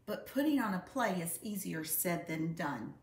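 A woman reading a children's picture book aloud with expressive, unhurried storytelling. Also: lowish voice. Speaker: storybook reader. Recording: roomy echo.

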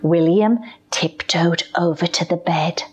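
A librarian reading a storybook aloud to children, expressive and clear. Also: female voice, lowish voice, measured pace, dull audio.

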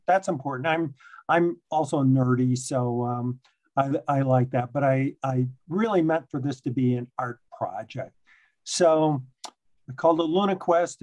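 Joking, relaxed man from Chicago presenting. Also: medium pitch. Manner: relaxed, joking, self-deprecating. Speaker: guest speaker, photographer. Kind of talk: casual presentation.

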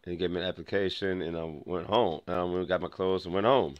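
A young man with a low voice tells a story straight to the camera, rambling and restarting as he acts out who said what. The sound is dry and close, with no room around it. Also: steady tone, fast, no room sound, muffled recording. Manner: rambling, full of restarts and quoted dialogue. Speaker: vlogger.

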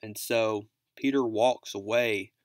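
A man's voice: fairly low pitch, steady tone, takes it slowly, dry recording. Man casually recapping a comic, dry close sound. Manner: rambling, leans on "basically" and "like". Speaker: comic book recap host.

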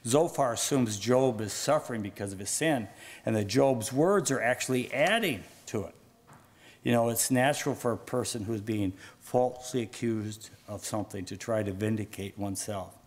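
Guy giving a sermon, medium pitch, gets louder and higher reading verses. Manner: rises in pitch and volume when reading scripture aloud. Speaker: pastor.

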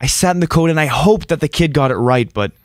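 A man's voice: fairly high pitch, lively intonation, quick pace. A young man giving a scripted, playful, self-mocking voice-over for a gaming video. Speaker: YouTube gaming creator narrating. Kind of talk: scripted comedic voice-over narration. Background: background music.

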